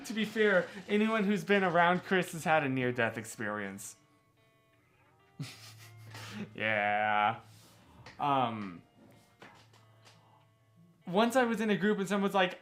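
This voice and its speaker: Speaking from a room at home, a man hosts a live stream, chatting casually and playfully with viewers, often laughing and poking fun at himself. His voice sits high and is very animated, but he talks slowly with long pauses. Faint music plays behind him.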